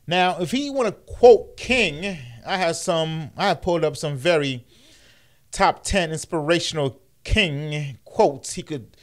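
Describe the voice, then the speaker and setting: Male radio host, mocking commentary, high lively voice, unhurried. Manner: animated, mocking, laughs often. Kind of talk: casual political commentary.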